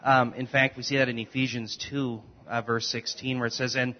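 Flat-voiced man citing scripture. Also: medium pitch. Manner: measured, cites scripture. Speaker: class participant. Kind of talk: class discussion comment. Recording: muffled lo-fi recording.

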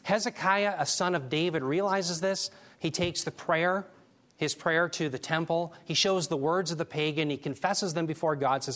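A man teaching a Bible class, preaching in an emphatic, animated way and taking questions from the class. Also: a little high, moderate pace. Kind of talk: sermon.

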